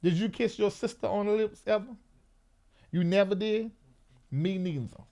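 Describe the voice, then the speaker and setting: A man's voice: sits high, normal speed, gravelly. Chatty man hosting a talk show. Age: 40s. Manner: animated, chatty, repeats himself. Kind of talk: live talk show monologue.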